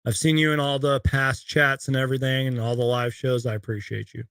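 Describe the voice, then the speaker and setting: A man's voice: mid-range voice, level tone, fairly quick, fairly bright tone, clear, resonant tone, no echo. A young man hosting a casual live Q&A stream from home, rambling chattily as he reads viewer questions. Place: home room with shelves of collectibles.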